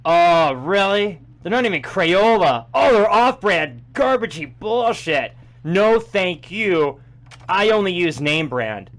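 Young male streamer, horror commentary, high lively voice, easily spooked, swears, laughs nervously. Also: slow. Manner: jumpy, frequent yelps and nervous laughs, swears a lot. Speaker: game streamer. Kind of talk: live horror game commentary.

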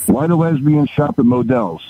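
A man telling crude jokes on a radio show in a dry, deadpan way, chuckling at his own punchlines. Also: mid-range voice, moderate pace, over a noisy crowd, poor audio. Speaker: regular phone-in joke teller.

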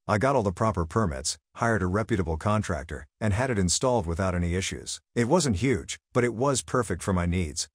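A man narrating a first-person story in a steady, scripted reading style. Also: on the low side, slightly rough, no room sound, studio quality.

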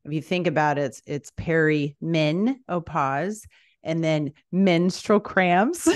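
Woman host, chatty, playful, quick to laugh, casual interview chat. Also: deep voice, lively intonation. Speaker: podcast host.

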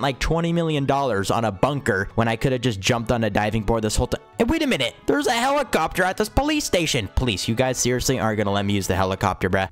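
A young man hosting a gaming video, excitable and exclamatory, talking straight to his viewers. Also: mid-range voice. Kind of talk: game commentary.

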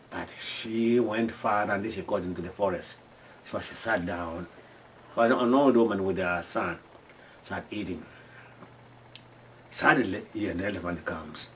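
Halting man telling stories. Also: on the low side, far from the mic, a little hiss or hum. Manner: halting, many restarts, acts out sounds and screams. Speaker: storyteller. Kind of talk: casual oral storytelling.

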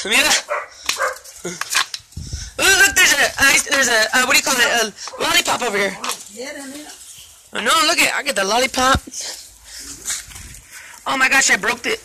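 Woman with a high voice filming outside at a party, excitable, laughs a lot, noisy phone video. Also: measured pace, pauses often. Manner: chatty, excitable, laughs often, calls out to kids and dogs. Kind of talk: casual home video narration. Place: outdoor backyard party.

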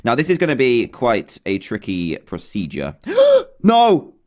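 A young man from England doing let's-play commentary, talking to himself nonstop in an excitable, panicky way. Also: lowish voice, moderate pace. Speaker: gaming YouTuber.

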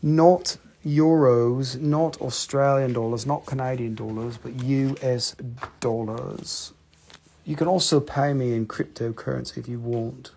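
A man's voice: medium pitch, fairly even intonation, a little slow, gravelly, mellow, slight background noise. A man hosting a live-stream rock and mineral sale, talking casually into a handheld phone, joking, teasing viewers and swearing freely.

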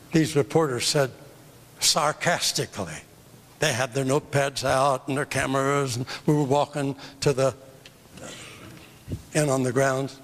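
An older man preaching a sermon, emphatic and drawn out, with big swings in pitch. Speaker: evangelist preacher. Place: church. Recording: long hall reverb from a church.

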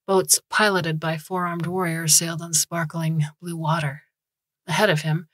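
A woman narrating a science fiction short story in a calm, even storytelling manner. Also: low voice, dry recording. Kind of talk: scripted audiobook narration.

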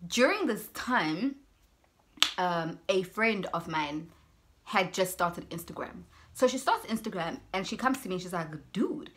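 A young South African woman telling a personal story on her vlog, animated, acting out both sides of conversations and mixing in Zulu words. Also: on the low side, unhurried, slight background noise. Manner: mixes in Zulu words and phrases. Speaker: YouTuber.

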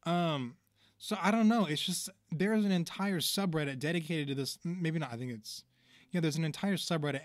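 A man's voice: fairly high pitch, moderate pace, no room sound, studio quality. A man casually recapping a cartoon episode for a podcast, rambling with many fillers and restarts and briefly acting out the characters' lines. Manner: rambling, lots of fillers and restarts, acts out quotes. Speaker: podcast host.

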